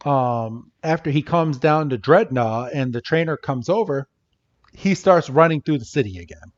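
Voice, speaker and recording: A man's voice: on the high side, moderate pace. A man co-hosting a podcast, recapping a scene casually, chatty with frequent laughter and casual swearing. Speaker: podcast co-host. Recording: dull lo-fi podcast audio.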